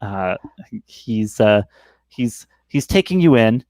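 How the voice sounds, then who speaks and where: A man narrating as game master of a tabletop game, halting and full of fillers. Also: lowish voice, sing-song, a little mellow, dry recording. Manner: rambling, halting, many fillers.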